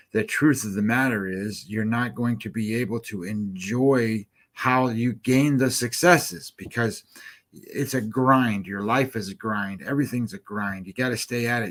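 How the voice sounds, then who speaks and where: A man's voice: on the low side, a bit bright. A man co-hosting a sports betting show, giving an earnest motivational segment in a coaching tone, with frequent fillers and repeated phrases.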